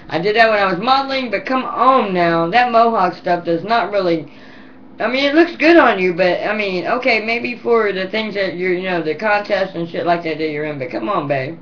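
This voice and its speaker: Hoarse woman rambling to her kids. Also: fairly low pitch, expressive, normal speed, a little hiss or hum. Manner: rambling, affectionate, teasing. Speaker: mother addressing her children. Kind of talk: casual home video message. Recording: dull lo-fi home recording.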